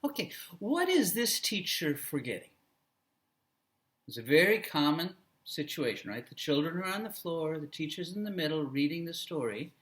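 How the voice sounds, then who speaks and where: A man training future teachers, giving a classroom lecture and demonstrating how to read aloud to children with a coaching manner. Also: on the high side. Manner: slow, animated, coaching tone with vocal demos.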